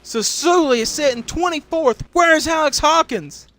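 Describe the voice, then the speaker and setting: A young man calling a sim race, voice worn from shouting, getting louder and quicker as the pack bunches up. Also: very high-pitched. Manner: shouts and speeds up at crashes. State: voice giving out. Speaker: race commentator. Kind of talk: excited play-by-play commentary for a sim racing league.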